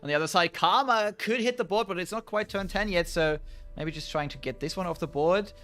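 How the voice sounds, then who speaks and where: A man giving relaxed play-by-play commentary on a card game tournament. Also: sits high, brisk, faint music behind. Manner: relaxed play-by-play, calls the action. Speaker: esports caster.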